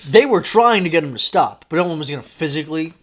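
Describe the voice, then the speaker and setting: A man co-hosting a podcast, telling a story in casual chat, animated and swearing, acting out quotes loudly. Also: a little high, quick pace. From Florida, United States. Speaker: podcast co-host.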